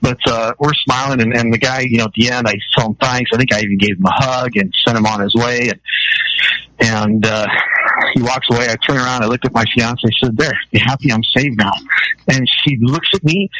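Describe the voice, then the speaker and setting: A man's voice: medium pitch, fairly even intonation, a little fast, a bit bright, a little hiss or hum, low-quality recording. A man hosting a radio talk show, telling long anecdotes full of fillers and restarts. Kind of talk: casual radio chat, storytelling.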